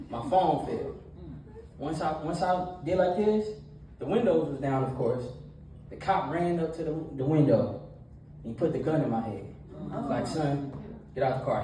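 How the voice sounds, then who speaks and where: Man in his thirties, storytelling sermon, casual and animated, fairly high voice, echoey room, heard from a distance. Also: moderate pace, a little hiss or hum. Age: 30s. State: nervous. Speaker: preacher.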